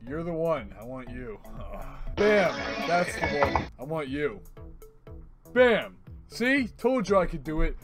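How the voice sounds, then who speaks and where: A man hosting his own video channel, chatting with strangers online in a playful, teasing, mock-deadpan way. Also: high voice. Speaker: YouTube host chatting with strangers. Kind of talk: casual joking video chat.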